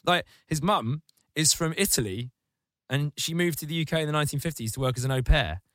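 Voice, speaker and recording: A man hosting a podcast, ranting comedically in casual chat and jumping into mocking high squeaky voices. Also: brisk, fairly bright tone, dry recording, clean studio sound. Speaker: podcast host.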